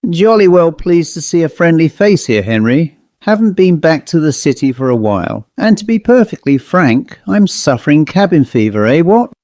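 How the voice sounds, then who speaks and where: A man voicing a jovial, blustering upper-class gentleman in his sixties in a ghost story reading. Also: on the high side, sing-song, normal speed, hardly any pauses, no echo, pitched above the performer's own voice. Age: 60s.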